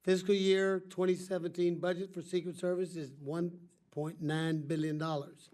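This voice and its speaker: A man's voice: high voice, little pitch movement, normal speed, darkish tone. An older man with a congested voice from allergies, chairing a formal hearing and giving opening remarks with rambling, self-correcting asides. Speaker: subcommittee chairman.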